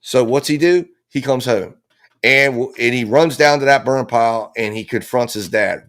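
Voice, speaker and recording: A man in the middle of the male pitch range lays out his theory of a case as a commentator. He pushes his points hard and repeats phrases for emphasis. He drops curses without hesitation. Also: moderate pace, fairly bright tone. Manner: emphatic and blunt, with frequent profanity and repeated phrases. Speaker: host of a true crime legal analysis show. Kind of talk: impassioned legal commentary.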